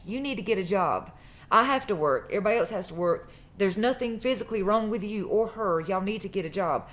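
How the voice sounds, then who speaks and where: A woman's voice: medium pitch, expressive, a little fast. Woman telling a personal story. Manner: emphatic, repeats phrases for stress. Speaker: true crime vlogger. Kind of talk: casual storytelling monologue.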